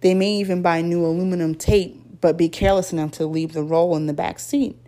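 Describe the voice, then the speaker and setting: A woman's voice: on the low side, steady tone, brisk, mellow, close to an everyday voice. A woman voicing a cool, menacing grown man who hides threats in friendly talk. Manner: smooth, veiled threats, then laughing and friendly.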